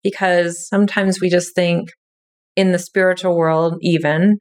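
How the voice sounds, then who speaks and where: Low-voiced reflective woman host. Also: little pitch movement, unhurried, a little mellow. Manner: reflective, spiritual framing, asking open questions. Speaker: podcast host. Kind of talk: casual podcast conversation.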